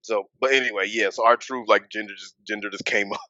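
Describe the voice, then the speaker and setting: A man co-hosting a wrestling podcast, talking in a casual, animated way and swearing, with his voice jumping high when he gets worked up. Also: brisk, no room sound, muffled recording. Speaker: podcast co-host. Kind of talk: casual wrestling recap chat.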